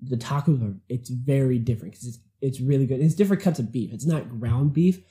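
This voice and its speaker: A man's voice: mid-range voice, fairly quick, warm tone. A man chatting casually on a podcast, rambling with lots of fillers and frequent laughter.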